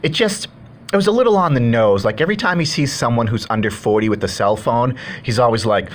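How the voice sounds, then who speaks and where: A man's voice: medium pitch, lively intonation, brisk, slight background noise. A man giving a casual, chatty movie review, retelling the story in a rambling way.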